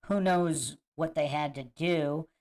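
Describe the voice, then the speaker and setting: A man's voice: fairly high pitch, slow, a little mellow. A man hosting a livestream, chatting casually to viewers and reacting to clips with a musing, emphatic manner that repeats points. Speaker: host of a livestream commentary show.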